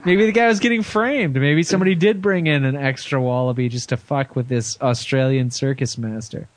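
A man's voice: mid-range voice, brisk, dry recording. A man co-hosting a comedy podcast, chiming in with skeptical, teasing quips and questions. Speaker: podcast co-host. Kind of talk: casual comedic podcast banter.

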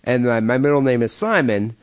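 A man's voice: mid-range voice, lively intonation, a little fast. Rambling male podcast co-host. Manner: rambling, laughs at own jokes, many fillers. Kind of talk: crude casual chat.

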